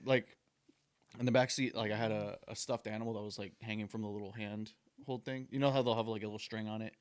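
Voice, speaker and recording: A man's voice: lowish voice, steady tone, quick pace, clear, resonant tone. A young man co-hosting a podcast, teasing and laughing while telling stories, with plenty of swearing. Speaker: podcast co-host. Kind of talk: casual chat, storytelling.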